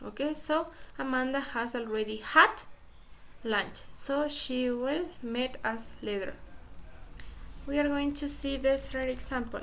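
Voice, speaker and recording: Spanish-native woman teaching a recorded English grammar lesson, fairly high voice, very slow and deliberate, faint noise behind. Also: sharp tone. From Ecuador. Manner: slow, deliberate explaining, repeats "okay" often.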